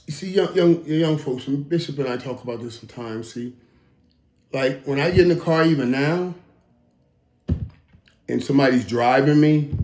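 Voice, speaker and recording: A man in his fifties hosting a casual reaction monologue, talking emphatically with stammered restarts and dropping into low mutters. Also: unhurried, long pauses, darkish tone. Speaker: host. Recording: roomy echo.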